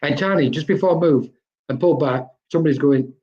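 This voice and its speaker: A man's voice: on the high side, brisk, a little mellow, muffled recording. A man working as a psychic medium, giving live-stream readings in a chatty way and often checking in with "okay?". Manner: chatty, tags lines with "okay?".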